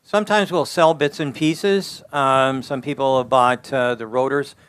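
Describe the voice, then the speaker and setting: An older man, an automotive engineering expert, giving blunt, folksy interview answers and getting animated when he tells a story. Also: medium pitch, unhurried, smooth, no echo.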